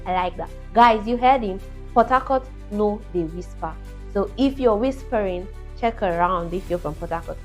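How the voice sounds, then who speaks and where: A woman's voice: medium pitch, moderate pace, darkish tone, soft background music. A woman hosting a podcast interview, asking direct questions and repeating them. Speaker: podcast host. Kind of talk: interview host.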